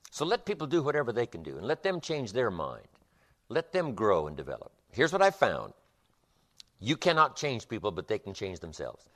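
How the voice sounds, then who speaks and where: A man's voice: medium pitch, huge pitch swings, moderate pace, fairly bright tone. A man giving a motivational speech, emphatic, with rhythmic repetition. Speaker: motivational speaker.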